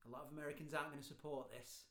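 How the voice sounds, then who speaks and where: A man's voice: a little high, little pitch movement, racing, bright, forceful tone, reverberant. Rambling jokey guy. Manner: rambling, jokey, lots of "you know what I mean". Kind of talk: casual comedic chat.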